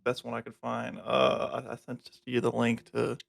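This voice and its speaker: A man's voice: mid-range voice, completely flat delivery, normal speed, vocal fry. A young man on a podcast as a guest, chatting casually, laughing often and stumbling through his sentences. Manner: laughs often, hesitant with restarts. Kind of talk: casual chat.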